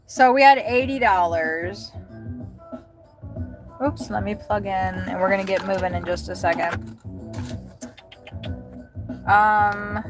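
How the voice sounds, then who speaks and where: Slow-talking woman chatting from her car. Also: mid-range voice. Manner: rambling, swearing, thinking aloud. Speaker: delivery driver vlogger. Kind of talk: casual livestream chat. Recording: music loud behind voice.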